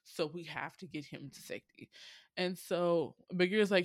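A casual host recapping a cartoon plot in slangy, rambling speech with lots of fillers. The voice sits at a middle pitch and is recorded dry and close. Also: normal speed, dry recording.

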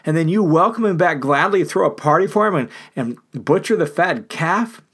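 A preacher doing a sulking, indignant older brother. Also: male voice, a little high, lively intonation, moderate pace, a bit bright, slightly rough, pitched above the performer's own voice, full character voice. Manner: indignant and complaining. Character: resentful older brother, young man, sulking.

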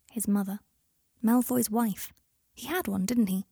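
A woman reading a story aloud in a calm, even storytelling manner. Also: mid-range voice, a little slow, vocal fry, breathy edge, no room sound, clean studio sound. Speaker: audiobook reader. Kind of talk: scripted narration.

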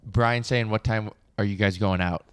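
A man co-hosting a casual podcast, telling rambling stories with lots of swearing and loud acted-out quotes. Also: on the low side, fairly even intonation, moderate pace, clean tone. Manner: rambling storyteller, swears, acts out quotes loudly. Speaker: podcast co-host. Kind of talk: casual chat.

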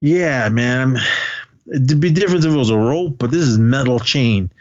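A man's voice: mid-range voice, moderate pace, no room sound, lo-fi sound. A man co-hosting a podcast, casually retelling movie scenes, often laughing and swearing now and then. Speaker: podcast co-host. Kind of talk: casual movie recap chat.

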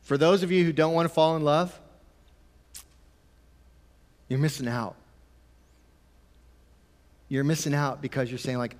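A man preaching a conversational sermon, sometimes emphatic and sometimes dropping to a quiet, low voice. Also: fairly even intonation, a little slow, long pauses, big-room sound. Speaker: pastor.

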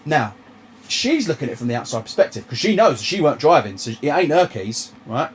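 A man's voice: medium pitch, brisk, a little hiss or hum. A man hosting a casual chat, telling a long story with lots of swearing and acted-out dialogue. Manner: animated, swearing, retells dialogue. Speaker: podcast host.

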